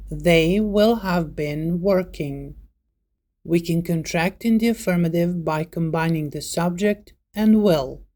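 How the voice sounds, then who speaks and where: A woman narrating a scripted English grammar lesson as the teacher, reading out example words one at a time in a slow, deliberate way. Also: lowish voice, warm tone.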